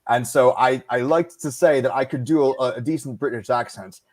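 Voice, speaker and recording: Thoughtful male audiobook narrator as guest. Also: mid-range voice. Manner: halting, thoughtful explainer. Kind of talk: casual conversation.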